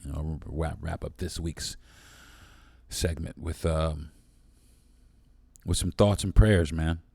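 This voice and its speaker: A man's voice: rumbling low, steady tone, slow, gravelly, warm tone, slightly rough, dry recording. A man hosting his own podcast, talking alone in a blunt, profane and impassioned way. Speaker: podcast host. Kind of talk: solo podcast monologue.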